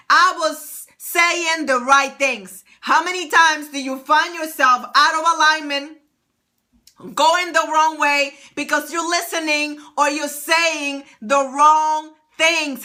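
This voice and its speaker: Bright woman doing a motivational talk, keeps repeating stuff, lots of questions at you. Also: high voice. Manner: emphatic and repetitive, asking rhetorical questions. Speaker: motivational speaker.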